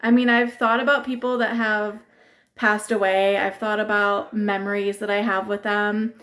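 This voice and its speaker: A woman's voice: mid-range voice, flat delivery, moderate pace, a bit bright. A woman in her thirties vlogging casually to camera, chatty and laughing often between words. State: teary, crying while laughing. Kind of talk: casual vlog talk to camera.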